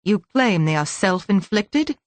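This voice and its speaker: A woman's voice: medium pitch, animated, a little slow, dry recording, close to an everyday voice. A woman voicing a stern, probing male police inspector in an audiobook.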